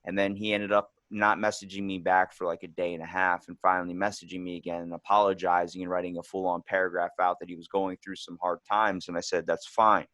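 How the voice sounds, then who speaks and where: A man hosting a podcast, telling stories in a casual, animated way with frequent restarts. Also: low-pitched, fast, few pauses, no room sound. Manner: animated storyteller, restarts often. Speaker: podcast host. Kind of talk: casual conversation.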